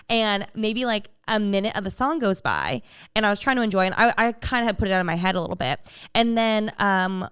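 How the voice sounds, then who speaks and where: A young woman on a podcast with a smooth, clean voice, recorded close and dry with no room sound. She chats casually, full of fillers, and gets openly emotional as she tells her stories. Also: medium pitch, expressive, brisk, a bit bright, no echo. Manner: chatty, emotional storytelling with many fillers. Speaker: podcast co-host. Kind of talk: casual chat.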